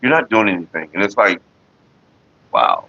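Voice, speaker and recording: A middle-aged man hosting a casual livestream, talking in a rambling, profane way with animated retellings. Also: deep voice, moderate pace, gravelly, highs cut off, a little hiss or hum. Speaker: livestream host.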